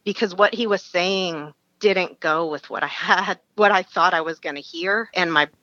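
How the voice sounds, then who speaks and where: A woman's voice: on the low side, moderate pace, bright, forceful tone, no room sound, lo-fi sound. A woman from Alaska, a podcast guest, frankly telling a personal story in an interview and laughing through hard memories.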